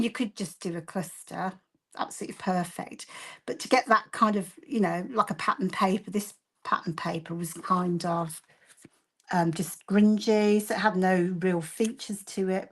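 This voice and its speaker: A woman with a Birmingham accent talks through a crafting demonstration in a loose, rambling way. Her speech is full of fillers and restarts as she shows products. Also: medium pitch. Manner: chatty and rambling, with frequent fillers and laughter. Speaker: co-host of a craft shop live show. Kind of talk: casual crafting chat with demonstration.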